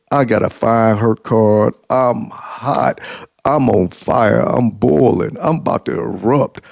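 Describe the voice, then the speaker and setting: A man's voice: lowish voice, gravelly, darkish tone, dry recording, clean studio sound. A man vlogger telling a personal story to the camera, chuckling through his words and repeating himself for emphasis.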